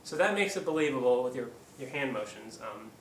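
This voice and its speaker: A man's voice: mid-range voice, expressive, fairly quick. Rambling man explaining casually in an echoey room. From Oregon, USA. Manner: rambling, hesitant, lots of ums. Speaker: puppeteer, channel host. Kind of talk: casual how-to tutorial. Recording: echoey room, distant mic, faint background hum.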